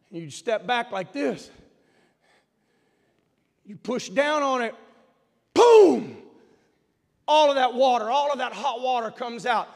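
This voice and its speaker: A male pastor preaching a sermon in a church, moving from calm teaching to loud shouted calls to praise. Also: very high voice, in a large hall. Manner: preaching, swings from quiet teaching to shouted exhortation. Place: church sanctuary.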